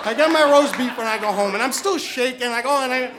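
A man's voice: very high-pitched, fast talker, background noise. A man telling a personal story, stammering and repeating words, chuckling as he goes.

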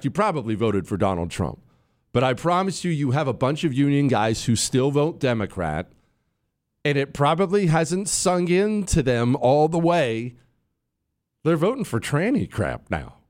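A man's voice: medium pitch, normal speed. A man hosting a political talk show, giving a rambling monologue, breaking off mid-sentence and calling out to his crew. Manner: animated, rambling, self-interrupting; addresses his crew on air.

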